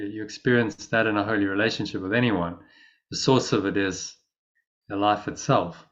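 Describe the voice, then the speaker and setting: Calm, low-voiced male spiritual teacher. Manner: calm, measured, explanatory, murmurs assent. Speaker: spiritual teacher leading the discussion. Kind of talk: spiritual discussion. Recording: muffled lo-fi audio.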